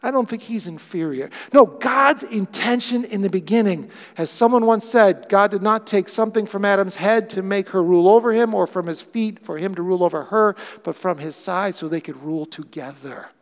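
A man preaching a sermon as pastor, animated, acting out quoted lines with playful voices. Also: high voice, moderate pace, few pauses, big-room sound.

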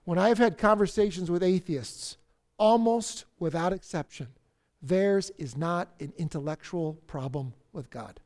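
A man preaching a sermon who acts out the psalmist's cries, swinging from loud outbursts to near-whispers. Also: high-pitched, measured pace. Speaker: pastor.

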